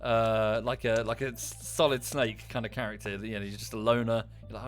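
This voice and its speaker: A man's voice: lowish voice, little pitch movement, a little fast, soft background music. A man with a British accent chatting casually on a livestream while playing a game, rambling with enthusiasm and swearing freely. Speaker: streamer.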